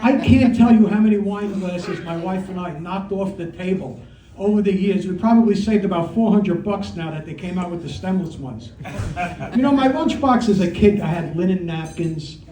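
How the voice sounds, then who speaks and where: A man's voice: high-pitched, mellow. A middle-aged man from Brooklyn with a heavy New York Italian-American accent, doing a brash, profane stand-up set at an open mic. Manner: brash, profane storytelling with punchlines. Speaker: stand-up comedian. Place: comedy club with audience. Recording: echoey room, mic heard from a distance. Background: audience laughter.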